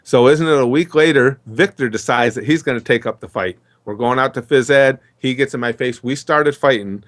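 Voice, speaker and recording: A man's voice: mid-range voice, normal speed, fairly bright tone. A middle-aged man talking in a casual interview, telling rambling stories and acting out the dialogue. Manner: chatty, rambling storyteller who acts out dialogue. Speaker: interview guest.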